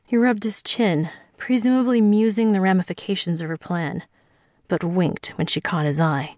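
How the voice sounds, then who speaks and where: Woman reading an audiobook, low voice, measured, dry close mic. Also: fairly even intonation, darkish tone, no echo. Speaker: audiobook narrator. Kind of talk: scripted narration. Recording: dry close studio sound.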